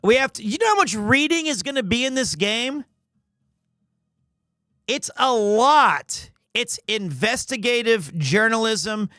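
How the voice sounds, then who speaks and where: A young male streamer with a high, lively voice that swings widely as he jokes with chat. He talks casually and teases himself, recorded dry and close to the mic. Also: measured pace, no echo. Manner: animated, joking, self-deprecating.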